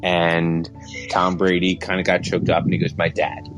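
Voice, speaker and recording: A man's voice: low voice, monotone, moderate pace, fairly bright tone, faint music behind, poor audio. A man hosting a podcast, talking sports in a casual, earnest and rambling way. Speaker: podcast host.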